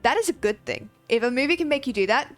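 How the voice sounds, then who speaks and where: A woman's voice: sits high, lively intonation, fast, no echo, faint music behind. A woman streamer chatting casually with viewers while playing a game, laughing often and swearing freely. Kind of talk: casual livestream chat.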